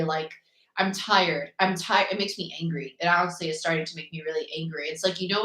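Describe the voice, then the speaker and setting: A woman's voice: medium pitch, a bit bright. A young woman from New Jersey hosting a live tarot reading in a chatty, blunt, sarcastic way, swearing freely. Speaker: tarot reader, channel host. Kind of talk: live-streamed tarot reading, casual chat. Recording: echoey room.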